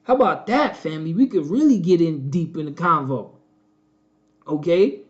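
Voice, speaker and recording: Male host, higher-pitched, preachy and repetitive; dull lo-fi audio. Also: normal speed. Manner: preachy, repetitive, addresses viewers as family. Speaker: channel host. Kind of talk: casual live-stream commentary.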